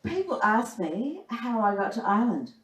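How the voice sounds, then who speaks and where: A woman's voice: fairly high pitch, very animated, moderate pace, a bit bright. A woman with an Australian accent performing a stand-up comedy set, telling bawdy, chatty stories and laughing along. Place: pub comedy club. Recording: echoey room from far off.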